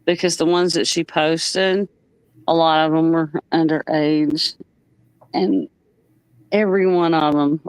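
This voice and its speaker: A woman's voice: low-pitched, poor audio. A woman in a casual group chat, telling a story with disbelief. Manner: slow, incredulous storytelling.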